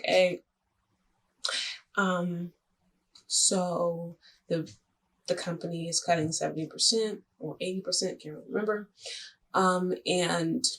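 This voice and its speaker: Husky young woman telling a story. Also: lowish voice. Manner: chatty, dramatic, jokey, quick asides. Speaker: vlogger. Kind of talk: casual storytelling to camera.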